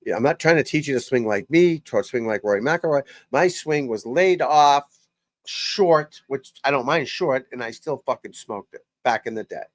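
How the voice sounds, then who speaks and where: A man's voice: mid-range voice, lively intonation, moderate pace, no room sound. An older man, a golf coach, hosting a casual live stream and talking bluntly and profanely, rambling from one thought to the next.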